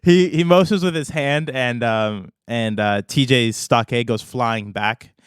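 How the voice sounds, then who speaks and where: A man narrating as game master, unhurried and relaxed, often pausing on fillers as he describes the scene. His voice is a middle pitch, close and dry. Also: smooth, no room sound.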